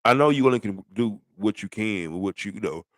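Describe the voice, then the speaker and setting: Middle-aged guy ranting about football, lowish voice, dry close sound, blunt and rambly. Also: lively intonation, brisk, no echo. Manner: blunt, rambling, trash-talking with rhetorical questions. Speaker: sports commentator. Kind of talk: casual sports rant.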